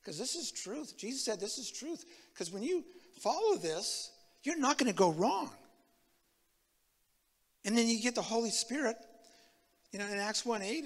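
A man in his seventies giving a testimony sermon as a preacher, an animated storyteller who acts out the dialogue. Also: high voice, in a large hall. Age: 70s.

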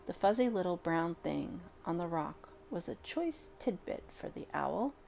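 A woman reads a children's storybook aloud at an unhurried pace, leaning into the drama with well-placed pauses. Her mid-pitched voice carries a gravelly fry, with a faint hiss of noise underneath. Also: sing-song, darkish tone.

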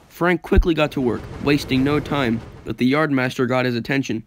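A man narrating an engine story in a steady storytelling manner. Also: mid-range voice, a little fast, hardly any pauses.

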